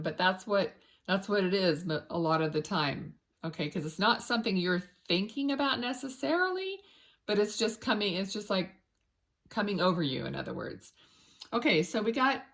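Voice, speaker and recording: A woman reading tarot as a psychic medium in a casual, rambling way. She often searches for words and restarts, and murmurs softly to spirit between cards. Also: medium pitch.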